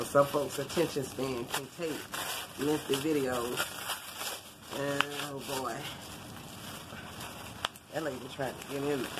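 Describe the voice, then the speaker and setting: A woman's voice: extremely low pitch, noisy background. A woman vlogger chatting casually while unboxing gifts, a bit congested and tiring easily. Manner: chatty, animated, Southern-style "y'all" talk.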